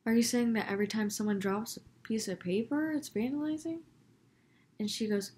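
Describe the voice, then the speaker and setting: A young woman vlogging a storytime, dramatic and animated as she acts out each exchange. Her pitch sits in an ordinary middle range. She talks casually and directly to her viewers. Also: normal speed, a little hiss or hum. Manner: animated, dramatic retelling with quoted dialogue. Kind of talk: storytime vlog.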